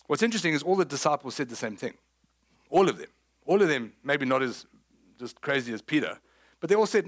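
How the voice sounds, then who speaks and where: Man, South African accent, preaching, slightly higher voice, animated storytelling, acts out the voices with humor. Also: brisk, long pauses. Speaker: pastor. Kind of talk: sermon.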